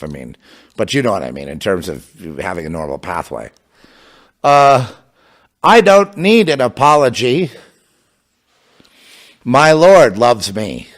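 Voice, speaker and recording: A man delivering an impassioned religious monologue, fervent and sarcastic, with bursts of scornful laughter. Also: fairly low pitch. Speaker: religious commentator.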